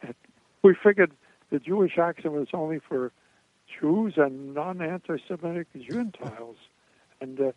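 A man's voice: fairly high pitch, moderate pace, no echo. An older man, a guest in an interview, telling stories in a rambling way and chuckling now and then. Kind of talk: anecdotal storytelling interview. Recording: tinny phone-like line, dry.

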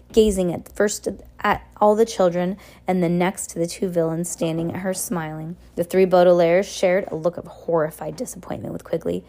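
Lady reading a book out loud, mellow voice, trips over words and fixes them. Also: on the low side. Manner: casual, stumbles and self-corrects. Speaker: reader. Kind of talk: reading a novel aloud.

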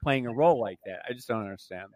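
A man co-hosting a casual pop-culture chat, sassy and gossipy, and quick to laugh. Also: medium pitch, animated, a little mellow, no echo. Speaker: podcast co-host.

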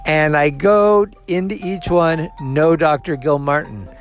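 Hosting his own show, a man with a fairly high voice tells a rambling personal story in a casual, unhurried monologue. He's animated, voicing everyone else's lines himself, swearing freely and laughing at his own expense. Faint music sits in the background.

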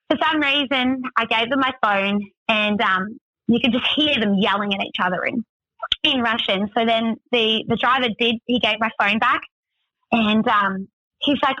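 An Australian woman tells a story in a loose, chatty way, dropping "like" into most sentences. Her voice is bright and sits a little high. The sound is dull and dry, with no room echo. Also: normal speed. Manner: chatty, many "like" fillers. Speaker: guest. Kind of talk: casual storytelling.

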